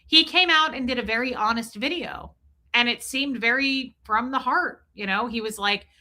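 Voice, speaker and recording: A woman's voice: fairly high pitch, normal speed, sharp tone. A middle-aged woman from the Midwest chatting casually on a livestream, reading viewer comments aloud. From Nebraska, raised in Kansas City area. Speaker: livestream host reading chat. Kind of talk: casual live-stream chat.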